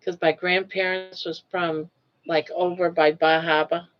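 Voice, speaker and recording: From her couch in Portland, Maine, an older woman with a Down East accent chats with livestream viewers over her phone, laughing readily as she responds. Her fairly low voice is level and unhurried, and the audio sounds dull.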